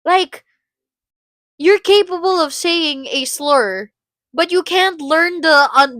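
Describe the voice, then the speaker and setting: A young woman from the Philippines with a Filipino accent, ranting in casual chat on a livestream, animated and opinionated. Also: sits high, a little slow, no room sound, clean studio sound. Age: young adult. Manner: animated, opinionated rant, code-switching.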